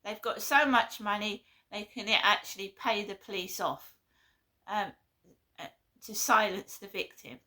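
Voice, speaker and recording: A woman's voice: medium pitch, a little slow, sharp tone. A woman giving a blunt, earnest vlog monologue, often repeating herself. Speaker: vlogger. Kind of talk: impassioned monologue.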